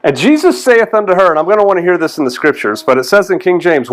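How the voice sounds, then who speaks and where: A man preaching in a loose, folksy way, his voice sitting a little high for a man. He jumps into little voices for the people he quotes and then drops back to easy talk. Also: quick pace. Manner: folksy, animated, acts out quotes in changing voices. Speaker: pastor. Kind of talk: conversational sermon.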